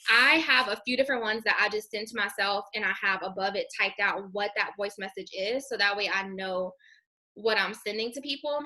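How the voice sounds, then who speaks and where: A young woman coaching her sales team in a chatty, high-energy way, her voice bright and keen, sitting a little above the usual female pitch. She talks straight to her listeners like friends. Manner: high-energy, chatty, says "girl" and "you guys" a lot. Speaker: network marketing team trainer. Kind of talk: casual training talk.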